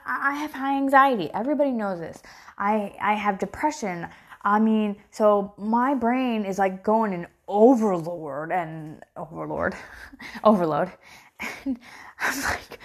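A woman, a mother talking to her followers in a casual chat, candid and emotional, rambling with fillers and restarts and climbing higher when she gets worked up. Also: slow. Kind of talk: casual direct-to-camera chat.

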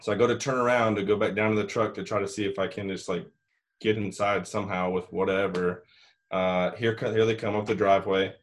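A man's voice: fairly low pitch, steady tone, fairly quick. A young man telling a long story in casual chat, rambling with lots of "like" and "you know" and the odd swear word.

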